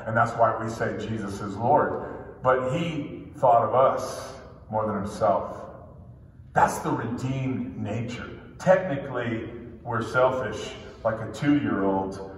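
A man's voice: medium pitch, slight background noise. A male pastor giving an emphatic sermon, drawing out key phrases and repeating refrains. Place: church sanctuary. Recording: echoey hall, voice from far off.

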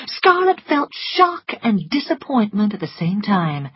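A woman calmly narrating an audiobook in a measured storytelling manner. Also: medium pitch, breathy edge, no echo. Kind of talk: scripted narration. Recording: dry, slightly muffled studio audio.

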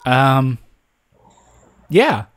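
A man's voice: mid-range voice, sing-song, extremely slow, no room sound. A man in a casual debate chat, joking around and hesitating with fillers.

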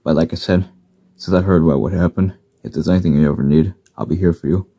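A friendly engine, voiced by a man with a very deep, dark, husky voice, plain and supportive. The recording is dull and lo-fi. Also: fast talker, no echo, exaggerated voice.

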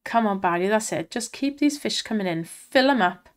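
An excitable woman commenting on slot spins and cheering the reels on, her voice strained from shouting. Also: mid-range voice, moderate pace. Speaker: slot streamer.

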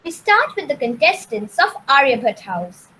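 A woman's voice: high-pitched, normal speed, slight background noise, low-quality recording. A woman with an Indian English accent hosting a school poetry event online, announcing contestants formally. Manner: warm formal announcing with lively intonation. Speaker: event host introducing contestants.

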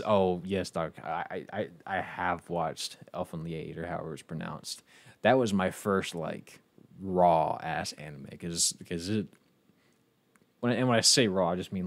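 A low-voiced man streams a video game with casual let's-play commentary, profane and excitable in his reactions. He restarts often, and the audio has no echo.

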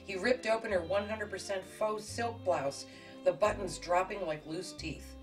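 A woman hosting a cooking show, narrating a spoof romance and explaining a recipe with a deadpan, tongue-in-cheek manner. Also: mid-range voice, unhurried. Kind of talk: mock-dramatic romance narration and cooking demonstration. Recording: distant mic with music behind.

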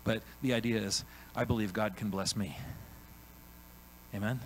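A man preaching a sermon in a church, animated and conversational, often acting out God's voice and tagging lines with "right?". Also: lowish voice, normal speed, slight background noise, low-quality recording. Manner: animated, acts out God's voice in quotes, frequent "right?" tags. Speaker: pastor. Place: church sanctuary.

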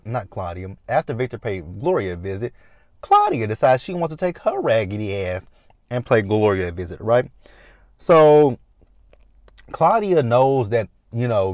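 Man, low voice, casual recap host, animated and profane, dry close mic. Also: dry recording. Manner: animated, swears freely, many "right?" tags and quoted reactions. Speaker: TV recap vlogger.

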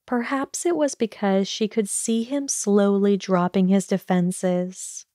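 A woman narrating a fan fiction audiobook with a slow, measured reading. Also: medium pitch, steady tone, dark tone, dry recording, clean studio sound.

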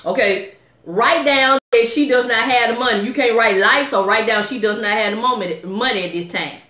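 A woman's voice: a little high, moderate pace, sharp tone. A woman vlogging a blunt, exasperated rant to her viewers, putting questions to them. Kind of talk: casual direct-to-camera rant. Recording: echoey room.

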